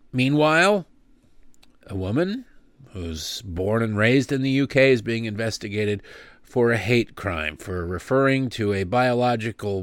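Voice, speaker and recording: A man's voice: fairly low pitch, fairly bright tone, dry recording. A middle-aged man hosting political commentary, sarcastic and emphatic, with indignant outbursts.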